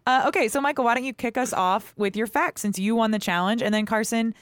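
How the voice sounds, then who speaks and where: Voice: mid-range voice, fairly even intonation, fast talker, a bit bright, clean tone, no room sound. Playful podcast host, dry close sound. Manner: playful, laughs often. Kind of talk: casual podcast chat.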